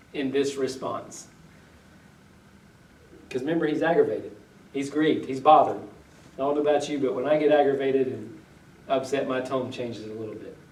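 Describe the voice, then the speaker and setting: In a church sanctuary, a male pastor with a voice on the high side gives a conversational sermon, reading old-style scripture aloud, then retelling it in everyday language while questioning the congregation. The recording is echoey, his voice heard from a distance.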